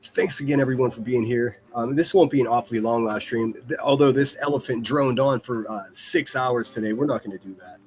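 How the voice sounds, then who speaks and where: A man's voice: mid-range voice, a little fast. A man hosting a livestream, ranting in a profane, mocking and rambling way, often repeating himself. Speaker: livestream commentary host.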